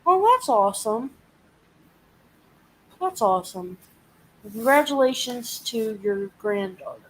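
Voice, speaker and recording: A woman's voice: fairly high pitch, takes it slowly, slight background noise, low-quality recording. Venting, swearing woman. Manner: venting, swearing, animated retelling. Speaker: live stream host. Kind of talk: casual live chat.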